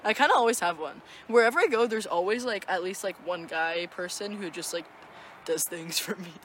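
A woman's voice: fairly low pitch, brisk, fairly bright tone, a little hiss or hum. A young woman co-hosting a podcast, chatting casually in a rambling, profane way and giggling often. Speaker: podcast co-host. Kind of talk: casual chat.

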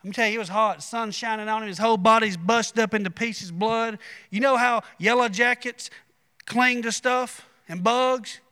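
Male pastor, bright clear voice, folksy sermon delivery in a reverberant church hall. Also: high-pitched, steady tone, moderate pace. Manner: folksy, conversational preaching with asides to the congregation.

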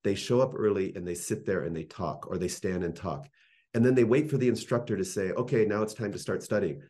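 A man talking casually as an interview guest, relaxed and encouraging. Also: lowish voice, a little fast. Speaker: interview guest, company CEO. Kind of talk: casual conversation.

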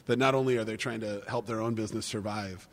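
A man's voice: lowish voice, steady tone, fast talker. A man co-hosting a casual wine-tasting chat, rambling, swearing freely and laughing easily. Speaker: podcast co-host. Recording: long reverb.

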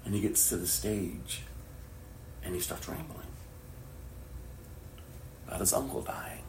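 Middle-aged male pastor, low-pitched, passionate sermon delivery with whispered lows, roomy echo. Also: unhurried, creaky, background noise. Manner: swings from hushed whispers to loud, impassioned preaching. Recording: echoey room with faint ambience.

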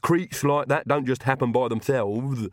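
A man voicing an earnest, stitched-together male castle servant with a low mumble. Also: a little slow, no echo, clean studio sound, lightly acted.

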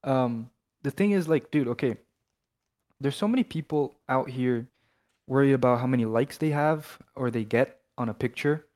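A man's voice: mid-range voice, moderate pace, a little mellow. A young man co-hosting a casual podcast, talking animatedly with lots of fillers and swearing. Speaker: podcast co-host. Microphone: headphones, off his usual mic.

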